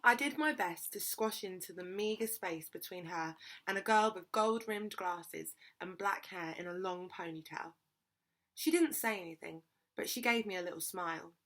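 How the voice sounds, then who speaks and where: A woman's voice: fairly low pitch, moderate pace, a bit bright. Woman reading a children's novel. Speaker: reader.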